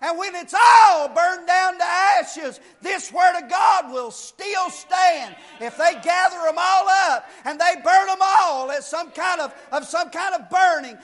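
A man with a very high voice preaches with slow, drawn-out delivery. He shouts his key points, then drops to a quieter tone to explain, and he drives ideas home by repeating phrases. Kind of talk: fiery pulpit sermon.

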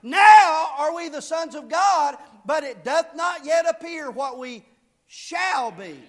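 Preaching with fire, this man bellows his main points, then lowers his voice to explain, driving home his message by repeating phrases.

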